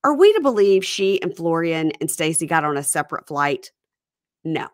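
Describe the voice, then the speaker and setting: A woman's voice: low-pitched, very animated, moderate pace, dry recording, studio quality. A woman co-hosting a casual podcast, chatting and retelling reality show scenes. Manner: chatty, recounts scenes in quoted voices. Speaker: podcast co-host.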